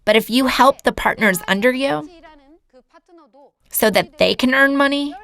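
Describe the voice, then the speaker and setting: A woman's voice: sits high, measured pace, vocal fry, fairly bright tone. A woman giving a lecture as an earnest personal testimony, telling her story to a seminar audience. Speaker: seminar speaker.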